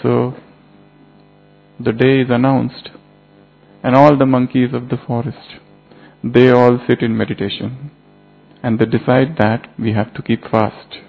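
A man giving a sermon, telling a moral fable slowly in short phrases. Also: mid-range voice, flat delivery, creaky, slightly rough. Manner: slow storytelling in short phrases. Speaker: spiritual teacher. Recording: tinny phone-like line, faint music.

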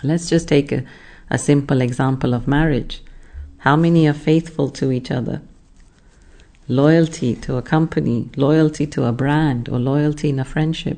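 A spiritual teacher giving a measured class talk, explaining ideas and asking the listeners rhetorical questions. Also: mid-range voice, warm tone.

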